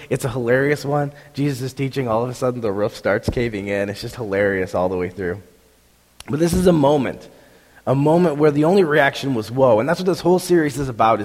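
Hoarse young pastor preaching in a hall. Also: male voice, medium pitch. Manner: animated storytelling, acts out crowd reactions. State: voice roughened by strep throat. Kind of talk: sermon. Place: church hall. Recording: long hall reverb.

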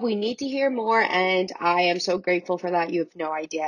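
A young woman hosting a casual solo podcast, chatty and excited, a little sick with her voice cracking. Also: fairly low pitch, rough recording. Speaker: podcast host.

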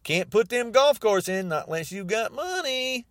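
A man's voice: high-pitched, animated, normal speed, no room sound, studio quality. A man podcasting a ranting political monologue, mocking and repeating himself.

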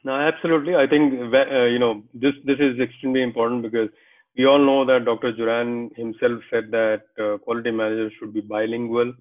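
A man's voice: mid-range voice, level tone. Affirming male host on a tinny line. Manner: affirming, measured, frequent hesitations. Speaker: interview host. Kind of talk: conversational interview. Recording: tinny phone-like call audio.

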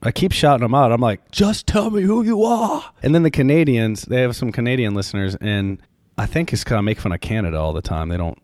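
A male priest from Louisiana talking in a casual interview, telling stories in an animated way and jumping his pitch up for quoted voices. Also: fast talker, no room sound, clean studio sound. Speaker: Catholic priest, podcaster.

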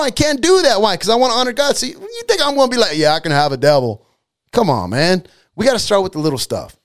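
A man preaching with fervor, his voice sitting high for a man. He talks in a loose, street-casual way and hammers points by repeating them. The sound is dry and close. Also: dry recording. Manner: impassioned, street-casual, repeats lines for emphasis. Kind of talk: sermon.

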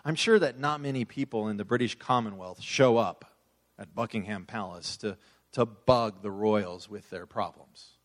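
A pastor preaching a sermon to his congregation, joking and swelling loud for emphasis. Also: fairly low pitch, moderate pace.

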